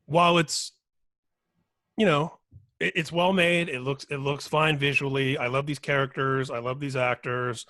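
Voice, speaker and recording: A man's voice: a little high, bright, forceful tone, no echo. A man speaking as a guest on a casual panel discussion, rambling and thoughtful, trailing off and restarting.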